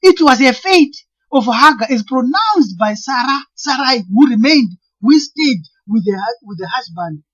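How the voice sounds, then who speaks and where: Husky woman explaining earnestly. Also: high-pitched, animated, lo-fi sound. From Zimbabwe. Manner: earnest, deliberate, often stalls and restarts words. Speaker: lecturer on name meanings. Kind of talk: explanatory monologue.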